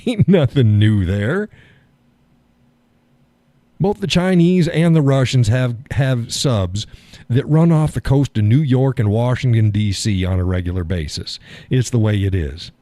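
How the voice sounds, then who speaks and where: A man's voice: medium pitch, animated, unhurried, dark tone, dry recording. A man hosting a live stream, chatting casually, often laughing, folksy and blunt with casual swearing. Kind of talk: casual chat.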